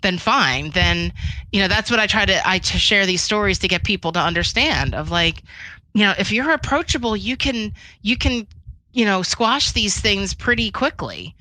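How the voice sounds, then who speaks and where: Bright-voiced woman telling work stories. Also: medium pitch, lively intonation, moderate pace, low-quality recording. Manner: chatty, frequent fillers and restarts, laughs between points. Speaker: cybersecurity expert guest. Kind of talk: casual interview storytelling.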